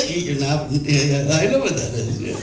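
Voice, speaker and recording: A woman's voice: deep voice, very animated, a little slow, crowd noise. Tipsy, bawdy woman doing stand-up. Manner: bawdy, rambling, laughs at her own jokes. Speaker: stand-up comedian. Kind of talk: stand-up routine. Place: pub stage. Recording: echoey pub, distant camera, noisy.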